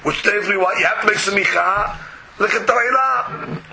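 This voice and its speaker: A man's voice: high voice, normal speed, creaky, pushed and bright, a little hiss or hum, rough recording. A man teaching a Talmud class, arguing both sides with rhetorical questions.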